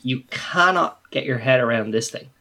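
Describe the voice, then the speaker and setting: A man's voice: medium pitch, lively intonation, normal speed, gravelly, pushed and bright. A man, co-hosting a podcast and talking animatedly, acting out his own reactions. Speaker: podcast co-host. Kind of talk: casual chat.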